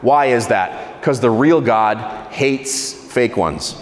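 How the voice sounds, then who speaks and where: A man preaching a sermon as pastor, slowing down and dropping low on key words with dramatic pauses. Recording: echoey hall with long reverb.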